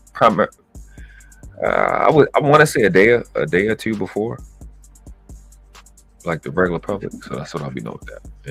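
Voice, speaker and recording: A man's voice: very deep voice, vocal fry, fairly bright tone. A man with a Southern accent, hosting his channel in loose, rambling casual talk with plenty of cursing. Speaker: channel host.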